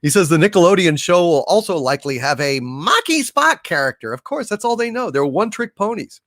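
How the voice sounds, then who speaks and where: A man's voice: on the high side, animated, moderate pace, fairly bright tone, no echo, clean studio sound. A middle-aged man hosting a livestream, reading super chats and ranting with angry sarcasm and frequent swearing.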